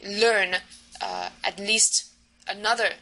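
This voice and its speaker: A woman's voice: mid-range voice, fairly even intonation, takes it slowly, vocal fry, sharp tone, rough recording. A woman lecturer explaining course material in a recorded lesson, with frequent fillers and checking questions. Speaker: university lecturer.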